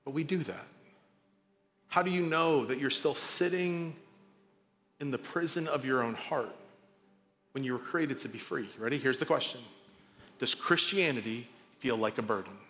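A man preaching a sermon as pastor, talking informally and swinging between loud emphasis and quiet drops. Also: mid-range voice, normal speed, long reverb tail. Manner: conversational, informal asides.

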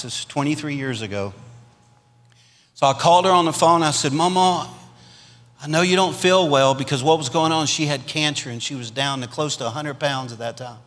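A middle-aged pastor from Louisiana with a Cajun accent preaches in a sanctuary with a long hall echo. His voice sits high and sounds bright and forceful. He builds his points with rising emphasis and calls out for amens. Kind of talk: sermon. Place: church sanctuary.

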